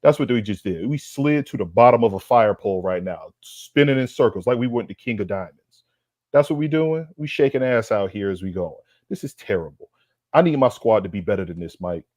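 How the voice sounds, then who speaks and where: A man's voice: on the low side, lively intonation, a little fast, a little mellow, no room sound, clean studio sound. A man co-hosting a sports podcast, ranting in a fired-up, profane way, full of streetwise slang and repeated lines for emphasis. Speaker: podcast co-host. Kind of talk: heated sports roast rant.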